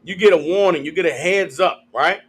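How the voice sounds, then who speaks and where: A man's voice: high voice, fairly quick, husky. A man giving street-style Bible teaching, slangy and casual, calling for answers from the room. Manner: call-and-response with the room, slangy, acts out quotes.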